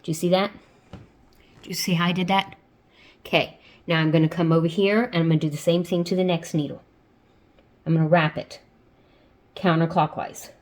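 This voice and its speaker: Woman w/ a lowish voice doing a homey craft tutorial, patient, keeps asking okay?. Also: fairly even intonation, normal speed, long pauses, darkish tone. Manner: patient, repeats steps and checks in with frequent "okay?"; chatty and homey, with playful "ta-da". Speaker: crafter teaching sock machine knitting. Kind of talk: step-by-step tutorial.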